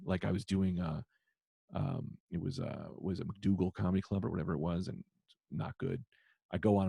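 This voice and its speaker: Brief: male comic guest, lowish voice, animated and profane, dry close mic. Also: gravelly, husky, no echo. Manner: profane, animated, acts out shouted quotes. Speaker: comedian guest. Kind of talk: storytelling in casual podcast chat.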